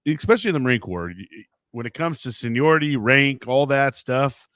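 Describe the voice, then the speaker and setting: A man's voice: mid-range voice, lively intonation, a little fast, a bit bright, dry recording. A man hosting a casual interview, talking in a laid-back, slangy way. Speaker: podcast host, Marine veteran. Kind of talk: casual chat.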